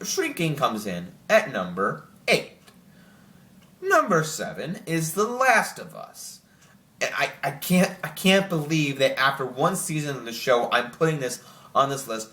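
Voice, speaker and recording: Rambling excited young man, roomy sound. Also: a little high. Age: young adult. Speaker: channel host ranking TV shows. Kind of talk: casual chat to camera. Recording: roomy echo.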